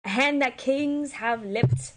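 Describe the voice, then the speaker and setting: Woman reading as cleopatra, moody bossy queen, slow dramatic shakespeare lines. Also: sits high, voice pushed up. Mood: coaxing. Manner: slow, deliberate, theatrical line delivery. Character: imperious, volatile queen Cleopatra, adult woman.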